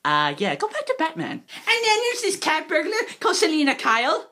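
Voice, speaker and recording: A woman giving a sarcastic, excited comic movie recap. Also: very high voice, normal speed, few pauses. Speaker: movie reviewer.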